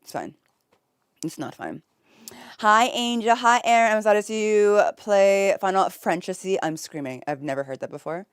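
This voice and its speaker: A woman's voice: medium pitch, lively intonation, moderate pace, clear, resonant tone, no echo, studio quality. A woman streamer chatting casually and greeting her chat from her home office, giggly and effusive. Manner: giggly and effusive, with frequent laughs.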